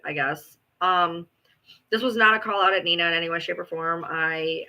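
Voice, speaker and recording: A woman chatting casually to her online viewers, blunt and swearing freely, with sudden swings into loud exasperation. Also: sits low, poor audio. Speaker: online commentator. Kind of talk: casual livestream chat.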